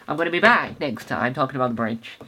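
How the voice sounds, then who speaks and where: A young male podcast host talking on his own in an easy, unscripted way. He rambles eagerly, stumbling over restarts and filler words, with a voice of ordinary middle pitch. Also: expressive, quick pace, pushed and bright, a little hiss or hum. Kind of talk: casual solo podcast talk.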